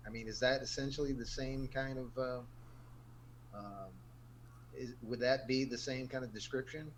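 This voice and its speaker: A man's voice: mid-range voice, fairly even intonation, normal speed, a little hiss or hum, poor audio. A man on a discussion panel, asking questions in a tentative way full of fillers.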